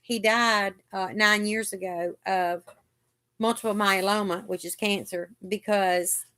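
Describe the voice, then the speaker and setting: A woman's voice: mid-range voice, fairly even intonation, a little slow, pushed and bright. Chatty woman telling stories. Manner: chatty storyteller, acts out the doctors' lines. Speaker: host of a live chat. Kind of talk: casual live chat.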